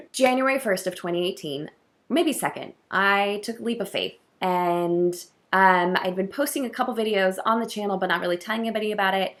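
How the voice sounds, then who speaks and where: A woman who works as a wedding coordinator, talking to camera in a casual vlog, effusive and heartfelt with soft laughs. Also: medium pitch, fairly quick.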